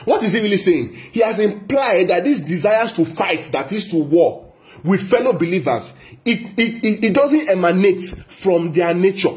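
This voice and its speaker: A man preaching a Bible teaching sermon, emphatic, repeating key phrases, asking rhetorical questions and slowing down to stress scripture quotes. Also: high voice, animated, darkish tone.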